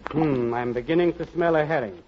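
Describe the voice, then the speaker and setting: A man's voice: on the high side, a little fast, a little hiss or hum, close to an everyday voice. An actor playing a pompous, overly courtly male singer in a 1940s radio comedy, talking in a theatrical, flowery way. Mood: grand. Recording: dull old radio broadcast.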